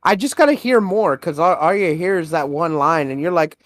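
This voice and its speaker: A young man co-hosting a podcast, excitedly retelling a movie trailer in casual, swear-laden chat. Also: fairly high pitch, brisk, dry recording, clean studio sound. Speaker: podcast co-host.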